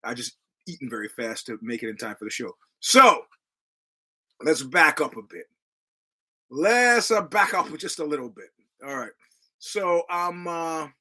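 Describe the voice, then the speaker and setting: A man's voice: fairly high pitch, sharp tone, low-quality recording. A middle-aged American man hosting a podcast, rambling through stories with restarts, quoted voices and wry profanity. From United States. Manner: digressive storytelling with many restarts and quoted voices. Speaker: podcast host. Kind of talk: casual rambling monologue.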